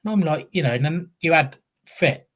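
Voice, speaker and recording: A man's voice: fairly high pitch, lively intonation, moderate pace, fairly bright tone. A man in his fifties from England, a retired wrestler, telling long rambling anecdotes with many restarts and self-deprecating asides. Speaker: guest, retired pro wrestler. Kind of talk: conversational storytelling.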